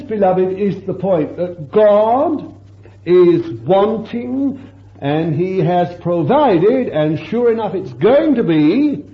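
A man preaching a fervent sermon, breaking into exclamations of praise and asking his listeners rhetorical questions. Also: high-pitched. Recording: echoey dull lo-fi sermon recording.

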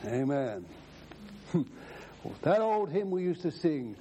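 A man's voice: sits high, big pitch swings, takes it slowly, pauses often, dark tone, slight background noise. A man preaching a sermon, emphatic, quoting scripture at length.

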